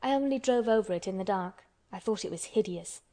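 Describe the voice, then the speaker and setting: A contrary, strong-willed orphan girl from a storybook, voiced by a woman. She speaks bluntly and obstinately. Her voice is at an ordinary middle pitch. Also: a little fast, warm tone, close to an everyday voice.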